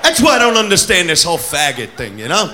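A man doing a crude stand-up rant, loud and often shouting. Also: a little high, huge pitch swings, fast talker. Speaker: stand-up comedian. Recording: live show with crowd and noise.

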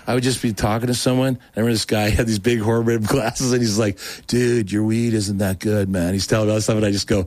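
A man's voice: fairly low pitch, fairly even intonation, quick pace, hardly any pauses, darkish tone, no room sound. A middle-aged man from Oregon telling his conversion story in a casual interview, rambling and restarting his sentences and acting out the people he quotes. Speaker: guest telling his testimony.

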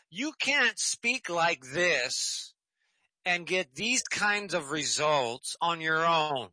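Guy hosting christian call-in radio, really bright punchy voice, preaches hard and repeats himself, dry close mic. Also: a little high, lively intonation, slow, no echo, poor audio. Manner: emphatic, repeats key phrases. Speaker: radio show host and preacher.

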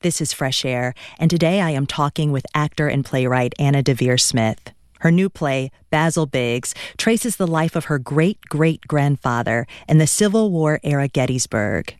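A radio host reads a scripted introduction and then asks questions, in a measured way. The voice sits at a middle pitch. The recording is close and dry. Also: no echo. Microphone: studio mic.

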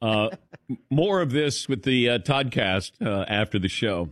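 A man's voice: medium pitch, expressive, a little slow, fairly bright tone, no room sound. A man hosting a sports talk radio show, teasing his crew in casual studio banter. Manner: dry teasing, laughs often.

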